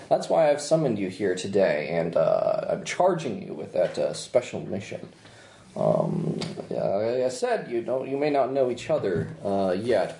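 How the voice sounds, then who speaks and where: A man narrating as game master, telling the story with lively delivery and hesitant asides. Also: on the low side. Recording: echoey room, faint noise.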